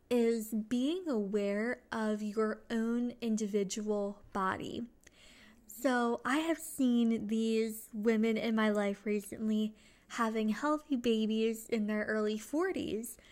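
A young adult woman hosting a solo podcast, talking in an earnest, chatty way with small restarts. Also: fairly high pitch. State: excited, just home from work. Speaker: podcast host.

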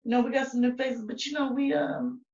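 A woman's voice: high voice, steady tone, a little fast, darkish tone. A woman co-hosting a podcast in rowdy, profane casual chat, laughing often. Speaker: podcast co-host. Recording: echoey, distant, dull mic.

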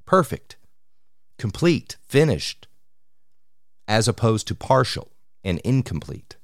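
A man preaching a sermon on scripture, measured and deliberate, slowing down to stress key words. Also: fairly low pitch, big pitch swings, no echo, clean studio sound. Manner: measured, slows for emphasis on scripture.

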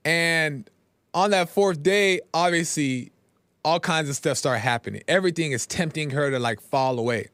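Chatty man with a higher voice. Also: moderate pace, a bit bright, clean tone, no room sound. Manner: conversational, often checks in with "right?"; retells scenes with loose quoted dialogue. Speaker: podcast host. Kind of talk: casual spiritual talk.

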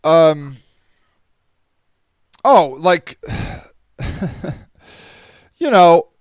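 A tired man with a stuffy nose hosts a casual livestream, rambling and reading viewer comments aloud. His voice sits fairly high and swings widely in pitch. It sounds smooth and clear, recorded close and dry. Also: big pitch swings, very slow, no echo. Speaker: podcast host reading live chat.

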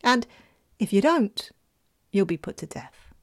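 A woman voicing a gruff old king in a storybook tale, speaking in a blunt, threatening way. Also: mid-range voice, big pitch swings, a little slow, no echo, clean studio sound. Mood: stern.

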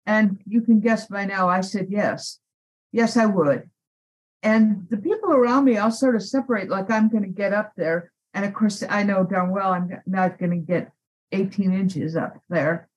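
Woman activist, podcast guest, mid-pitched, emphatic animated storyteller. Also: moderate pace, poor audio. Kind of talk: storytelling interview.

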